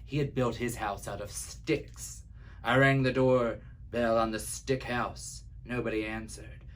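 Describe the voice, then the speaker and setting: A man's voice: mid-range voice, steady tone, unhurried, a bit bright, slight background noise, lightly acted. A man reading a children's story aloud as an easygoing male wolf who tells his own side in a chatty, wry, confiding way. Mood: sly. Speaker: library storyteller.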